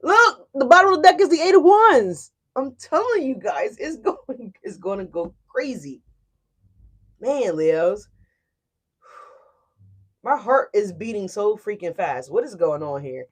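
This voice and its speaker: A woman giving a casual tarot reading to her viewers, animated and emphatic. She often checks in with "right?" and swears freely. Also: mid-range voice, slow, husky. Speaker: tarot reader.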